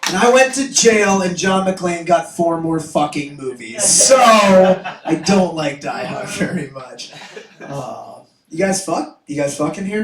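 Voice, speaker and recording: Onstage at a club, a young man delivers self-deprecating, crude stand-up at a measured pace, his expressive high voice cracking into shouting. The mic catches him from a distance in an echoey room, with heavy background noise.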